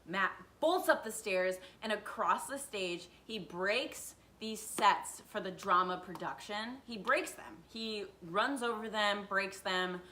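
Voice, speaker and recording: Young woman, storytime vlogger, a touch low, sharp tone, lively quoting. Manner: animated, acts out quotes with swings in loudness. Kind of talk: storytime vlog.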